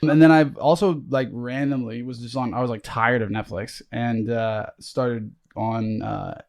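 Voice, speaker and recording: A man's voice: mid-range voice, fairly even intonation, measured pace, a little mellow. A young man co-hosting a podcast in casual chat, laid-back and rambling, swearing now and then. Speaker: podcast co-host.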